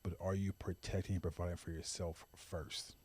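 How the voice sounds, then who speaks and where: A man's voice: low-pitched, flat delivery, moderate pace, a little mellow, slightly rough. A man hosting a talk show, speaking in an earnest, impassioned monologue with repeated emphasis. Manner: impassioned, repetitive emphasis, pleading. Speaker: podcast host.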